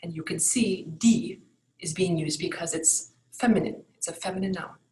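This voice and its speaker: A woman with a fairly low voice gives a recorded language lesson. She explains patiently and slows down to model each example word clearly. The room around her is noticeably echoey. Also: warm tone. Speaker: German language teacher. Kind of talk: recorded online lesson with slides.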